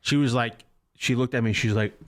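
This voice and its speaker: A man's voice: mid-range voice, fairly even intonation, a little fast. A young man casually telling a rambling, profane story in a chat with friends.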